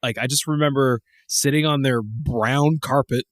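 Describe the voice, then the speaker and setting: A podcast co-host with a mid-range voice chats casually at normal speed, rambling and restarting as he laughs and swears through old memories. The recording is dry and studio quality.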